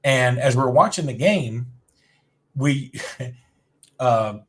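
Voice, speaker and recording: A man from Alabama talking in a loose, chatty way on a sports podcast. He rambles through his stories and pokes fun at himself as he goes. His pitch sits in an ordinary middle range. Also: animated, drawn-out words, a bit bright. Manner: rambling storyteller, self-deprecating. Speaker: podcast co-host. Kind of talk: casual sports chat.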